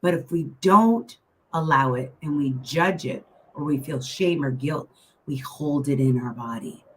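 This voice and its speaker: A middle-aged woman speaks in a low voice, chatting through a motivational talk. She sounds encouraging and conversational and keeps checking in with her listeners through friendly asides. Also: measured pace, fairly bright tone, slight background noise, low-quality recording. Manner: chatty and encouraging, with many asides and filler phrases. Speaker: keynote mindset speaker. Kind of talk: casual motivational talk to an online audience.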